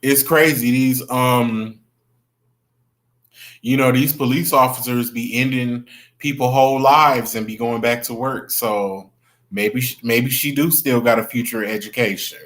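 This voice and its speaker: Chatty, bright-voiced man on a livestream. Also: mid-range voice, fairly even intonation, measured pace. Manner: chatty, greets viewers by name, gossipy. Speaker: livestream host. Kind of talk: casual livestream chat.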